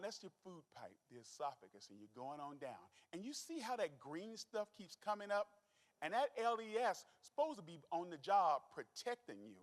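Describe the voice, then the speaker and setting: A middle-aged man giving a folksy, joking health talk as a doctor to a live audience. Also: sits high. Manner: folksy, animated, joking with the crowd. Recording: long hall reverb.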